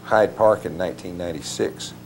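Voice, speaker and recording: A man's voice: low voice, a little fast, a little hiss or hum. A man answering interview questions as an author guest, meandering with many fillers and restarts. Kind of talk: rambling conversational interview answers.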